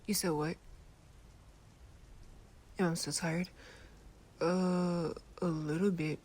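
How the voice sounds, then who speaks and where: Sleepy protective teen boy played by a woman, soft low whisper, slow and easy, whispered role-play. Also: steady tone, breathy edge. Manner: gentle, laid-back, hesitant. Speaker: ASMR creator.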